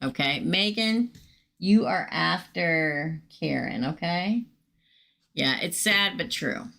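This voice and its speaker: A woman's voice: lowish voice, lively intonation, slow pace, creaky, fairly bright tone. A middle-aged woman giving live tarot readings to viewers in a chatty, emphatic way. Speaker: tarot reader.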